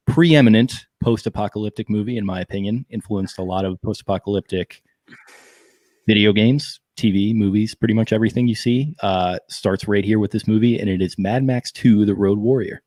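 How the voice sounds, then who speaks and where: A man co-hosting a podcast in casual chat, laid-back and rambling, sometimes slipping into quick impressions. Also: fairly low pitch, a little mellow, no echo. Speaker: podcast co-host.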